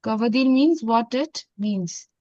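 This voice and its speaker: A woman with an Indian accent teaching a French class, mixing in Hindi and repeating phrases slowly. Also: on the high side, expressive, dark tone, no echo. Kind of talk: online classroom lesson. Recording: dull, dry lo-fi sound.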